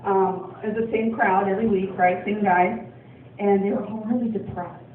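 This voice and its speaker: A woman's voice: mid-range voice, fairly even intonation, normal speed, a little hiss or hum. Woman stand-up comic, rambling, ums and laughs, far from the mic, echoey room, thin phone-like sound. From Portland, Oregon. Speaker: stand-up comedian. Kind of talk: stand-up comedy set. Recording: distant, echoey, phone-like club recording.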